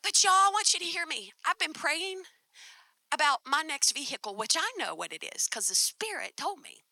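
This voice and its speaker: A middle-aged woman preaching at a conference, telling a story with lively calls to the crowd. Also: high voice, moderate pace, no room sound. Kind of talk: sermon. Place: conference stage.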